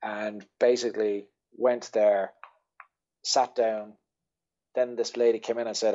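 A man's voice: fairly low pitch, level tone, measured pace, long pauses, mellow, muffled recording. A man with an Irish accent, a podcast guest telling a rambling story in casual chat, swearing freely and laughing as he goes. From Ireland. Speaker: podcast guest, ultra-runner.

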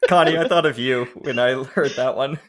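A man riffing on a casual movie podcast, telling jokey stories with quick put-on voices. His pitch sits in the middle range for a man. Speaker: podcast co-host.

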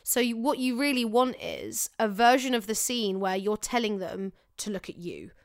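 Brief: young female actor, smooth clear voice, slightly high, chatty advice. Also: moderate pace, no room sound, clean studio sound. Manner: chatty, animated, self-correcting. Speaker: actor giving career advice. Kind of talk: casual advice chat.

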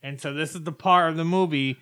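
A man hosting a podcast, talking in casual chat. He rambles through his explanations and laughs often, and his voice sits slightly high. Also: steady tone, fairly quick, a bit bright, smooth. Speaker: podcast host.

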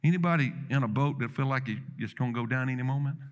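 The audio sounds dull as a man preaches quickly through a dramatic story, quoting dialogue along the way. His voice climbs to loud, emphatic peaks and then drops low.

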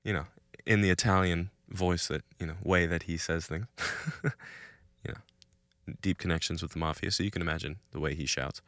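A young male podcast host tells a story outdoors, chatting casually and laughing now and then. His voice sits a little low but sounds bright and forward. The sound is dry, with almost no room echo. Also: moderate pace. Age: young adult. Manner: animated storyteller, laughs between lines. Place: outdoors in a cul-de-sac.

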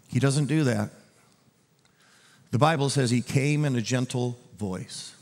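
A man preaching a conversational sermon as a pastor, dropping to a hushed, gentle tone and then rising into loud, urgent appeals. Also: mid-range voice, moderate pace, big-room sound. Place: church auditorium.

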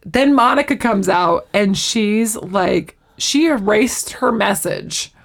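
A woman chatting casually as she recaps a TV episode, an animated storyteller who often acts out what the characters say. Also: medium pitch, slow pace, vocal fry.

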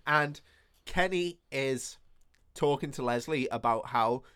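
A man's voice: medium pitch, slow, fairly bright tone, smooth. A man co-hosting a podcast, retelling a film's plot in casual chat and acting out the characters' lines. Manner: laughing, retelling the plot with acted quotes. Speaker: podcast co-host. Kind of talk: casual film recap chat.

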